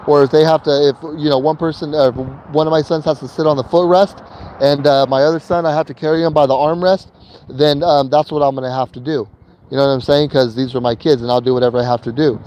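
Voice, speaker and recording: A man's voice: on the high side, a little mellow, lo-fi sound, slight background noise. A man telling a personal story in a casual vlog while in a vehicle he is driving, talking loosely with slang and many fillers and repeats. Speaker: vlogger.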